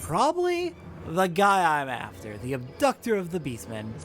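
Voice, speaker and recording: A man's voice: a little high, huge pitch swings, normal speed, fairly bright tone, soft background music. Laid-back man commenting on gameplay. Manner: laid-back, offhand, jokey. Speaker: let's play host.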